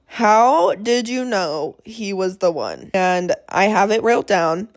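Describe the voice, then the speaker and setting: A young woman hosting her own podcast, talking alone in a blunt, profane, rambling way and giving pep talks. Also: mid-range voice. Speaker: podcast host. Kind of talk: casual solo podcast monologue.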